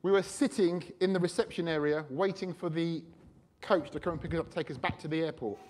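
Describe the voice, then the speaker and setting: A man preaching a sermon, telling a personal story in a chatty, animated way. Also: on the high side, fairly quick.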